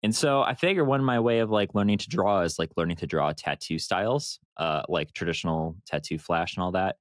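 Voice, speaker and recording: He has a deep voice and talks a little fast, captured in a dry, studio-quality recording. As a podcast co-host in casual conversation, he tells long, rambling, animated stories with an occasional swear.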